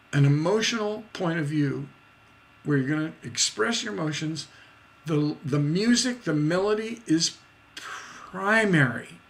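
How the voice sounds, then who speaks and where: A man leads a livestreamed songwriting lesson at an unhurried pace. His speaking voice sits a little high, and he often breaks into scatted rhythms and short sung lines to make his points. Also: a bit bright. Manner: scats rhythms and sings snippets to demonstrate; slow, deliberate explaining. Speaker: songwriting teacher.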